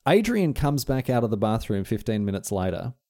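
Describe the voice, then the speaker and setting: Podcast co-host, male, brisk delivery, lively storyteller doing little voices for his friends. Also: medium pitch. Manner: animated anecdote-telling, quotes friends in exaggerated voices. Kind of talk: casual chat, storytelling.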